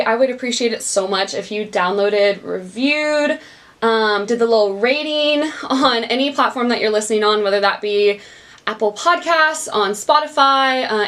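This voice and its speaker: A young woman hosts her own casual solo podcast from a small recording studio, her voice a little high and a bit bright. Upbeat and bubbly, she laughs often and talks straight to her listeners.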